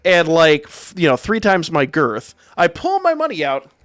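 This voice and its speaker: A man hosting a livestream spins a long anecdote in a casual, wry manner, swearing freely. His voice sits fairly high and swings widely in pitch. The sound is dry, with faint music underneath. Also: moderate pace, no room sound. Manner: animated, profane, wry. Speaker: livestream host. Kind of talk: casual storytelling.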